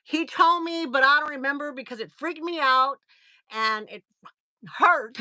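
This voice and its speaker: A middle-aged American woman chats through a story on her livestream, with a bright, forceful voice pitched a little high. She laughs often and acts out the lines of the people in her story. The sound is dry and close. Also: a little slow, no echo. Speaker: livestream host.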